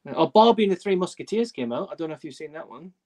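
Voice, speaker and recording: A man's voice: a little high, lively intonation, racing, a little mellow. A middle-aged man hosting a casual live-stream chat, telling stories in a chatty, self-mocking way. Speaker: host.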